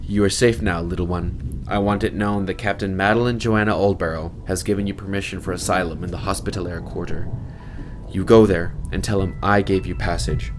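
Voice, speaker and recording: A man voicing a cool-headed, weary woman captain who gives low, measured commands. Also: steady tone, music in the background, close to an everyday voice.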